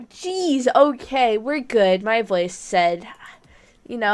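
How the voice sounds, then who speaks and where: A young woman streaming a game live, bubbly and giggly, chatting excitedly with her viewers. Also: fairly high pitch, slow pace, clear, resonant tone. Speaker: gaming streamer. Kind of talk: live-stream gameplay chat.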